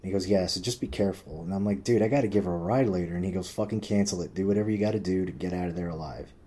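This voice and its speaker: A man with a low voice tells a long personal story in loose casual chat. He swears constantly, leans on "like," and bumps his pitch up to act out what other people said. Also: racing, warm tone. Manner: rambling, swears a lot, heavy use of "like"; acts out quoted people with pitch jumps.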